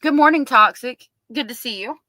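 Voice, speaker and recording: A woman's voice: high-pitched, moderate pace, pushed and bright, no echo, low-quality recording. Chatty woman livestream host. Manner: chatty, reads viewer comments aloud. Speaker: livestream host covering a trial. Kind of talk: casual livestream chat with viewers.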